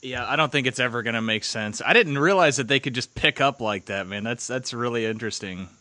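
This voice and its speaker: A man's voice: medium pitch, a little fast, sharp tone, no room sound. A young American man hosting a podcast, chatting in an easygoing, upbeat, joking way. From United States. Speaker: podcast host. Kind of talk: casual chat.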